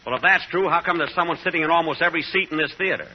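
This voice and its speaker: A man's voice: fairly high pitch, racing. Male radio comedian, self-deprecating and put-upon; muffled vintage broadcast. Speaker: comedian, star of the show. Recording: muffled old radio broadcast with loud hiss.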